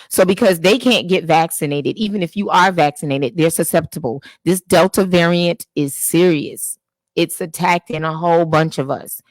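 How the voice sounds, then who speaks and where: A woman's voice: on the low side, dry recording. A woman hosting a live-streamed podcast introduction, speaking in an earnest, preachy way and appealing straight to church people. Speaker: podcast host. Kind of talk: casual live-stream monologue. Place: home setup, Facebook live stream.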